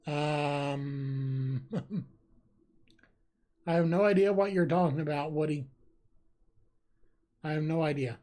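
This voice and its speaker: Slow-talking, giggly live streamer. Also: medium pitch, mellow. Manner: giggly, reacts with frequent laughter. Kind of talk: casual live-stream chat, reading viewer jokes.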